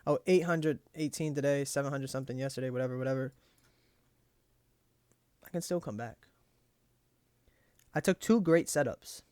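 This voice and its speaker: A man's voice: fairly high pitch, dry recording, studio quality. Profane, frustrated young guy reviewing trades. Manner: profane, frustrated self-talk, pep-talks himself. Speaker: trading journal host. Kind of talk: casual screen-share trade review.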